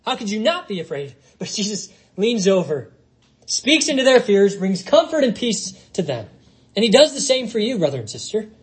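A male pastor delivering an expository sermon, his voice sitting high for a man and swinging widely up and down as he stresses each point. He reads scripture aloud and keeps turning to the congregation with questions. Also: sing-song, normal speed, husky, low-quality recording. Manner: expository preaching with rhetorical questions and quoted scripture.

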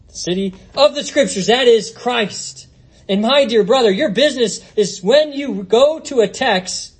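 A male pastor delivering an expository sermon, his voice sitting high for a man and swinging widely up and down as he stresses each point. He reads scripture aloud and keeps turning to the congregation with questions. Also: breathy edge, rough recording. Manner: expository preaching with rhetorical questions and quoted scripture.

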